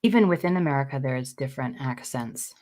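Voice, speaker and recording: Deep-voiced earnest woman podcaster. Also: expressive, quick pace, a little mellow. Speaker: podcast co-host. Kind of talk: casual chat.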